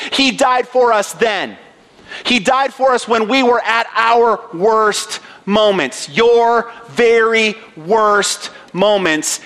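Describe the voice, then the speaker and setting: A pastor in his thirties delivers an earnest, emphatic sermon in a notably high voice. He leans into points with personal stories and plain conviction. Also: sharp tone.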